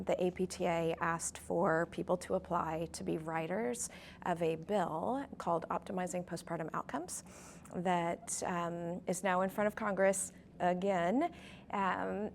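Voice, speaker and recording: A woman in her forties talks through an interview as a physical therapist, her voice low and full of vocal fry. She tells stories at an easy, conversational pace, with plenty of ums. A faint hiss sits behind her. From California, USA. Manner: warm storytelling with frequent ums. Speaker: pelvic health physical therapist, clinic owner.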